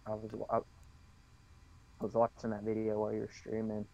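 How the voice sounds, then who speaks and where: A man joins a friend's stream for casual chat. He stumbles over his words and eggs his friend on. His voice is gravelly and dark in tone. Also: on the low side, completely flat delivery, normal speed, lo-fi sound.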